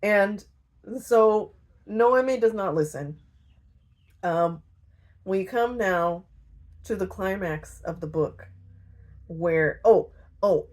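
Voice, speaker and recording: A woman casually retelling a novel, slangy and joking, briefly acting out the characters' lines in quick voices. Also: lowish voice, a little mellow. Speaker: book retelling video host. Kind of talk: casual comedic story retelling.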